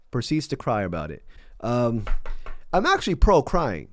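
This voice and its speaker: A man's voice: mid-range voice, wildly swooping pitch, normal speed, a bit bright, dry recording. Mocking man doing casual commentary, dry sound. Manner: mocking, laid-back, many fillers and restarts. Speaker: commentary YouTuber.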